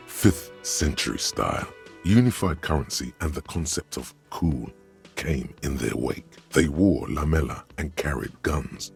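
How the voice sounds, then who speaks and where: An actor voicing a sardonic male narrator in a video game, delivering dry, deadpan asides. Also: a bass voice, gravelly, exaggerated voice.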